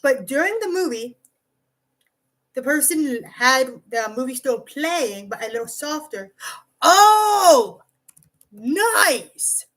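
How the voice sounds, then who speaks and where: High-pitched woman rambling through a story. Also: a little slow, low-quality recording. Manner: rambling and profane, heavy use of "like"; animated, jumps between asides. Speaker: vlogger. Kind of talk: casual storytime monologue.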